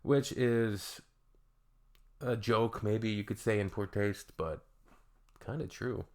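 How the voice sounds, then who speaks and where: A man's voice: on the low side, slow pace, a little mellow. A Canadian man hosting a reaction video, reading comments aloud and adding dry, joking asides in a casual tone.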